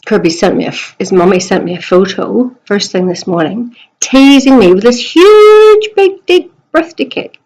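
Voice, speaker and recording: A middle-aged woman teacher at home, chatting gently in a recorded message to young pupils. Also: fairly high pitch, animated, normal speed, low-quality recording. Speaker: primary school teacher.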